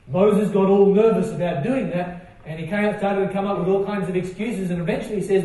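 A man's voice: high voice, fairly even intonation, fairly quick, dark tone. A man preaching a sermon in a conversational way, putting rhetorical questions to his listeners. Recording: echoey room from far off.

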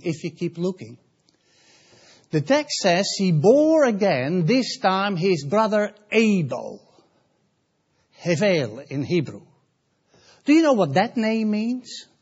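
A man's voice: sits high, sing-song, slow pace, pauses often, darkish tone, breathy edge. A man preaching a sermon, emphatic, repeating key words and putting questions to his listeners. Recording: dull lo-fi sound.

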